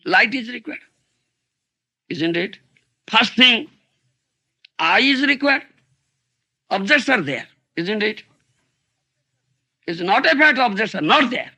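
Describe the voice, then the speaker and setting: Older guy lecturing slow, bright gravelly voice kinda husky, old tape, drifts off mic sometimes. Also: high-pitched, sing-song. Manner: rhetorical, asks "isn't it?" and "huh?" often; acts out dialogues with raised voice. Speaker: spiritual teacher giving a lecture. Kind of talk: sermon.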